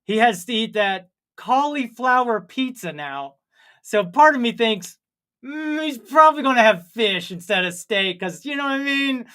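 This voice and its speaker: A man's voice: extremely high pitch, expressive, moderate pace, bright, forceful tone. A man co-hosting a comedy livestream, chatting casually and reading viewer comments aloud, rambling and joking at his own expense. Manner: rambling, jokey and self-mocking.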